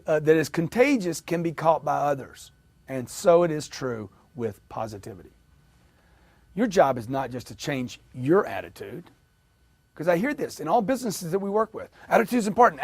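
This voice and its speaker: Energetic male sales coach, slightly high-pitched, punchy repetition, dry recording. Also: no room sound. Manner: energetic, emphatic, drills audience with repetition. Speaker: sales trainer. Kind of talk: motivational sales training talk.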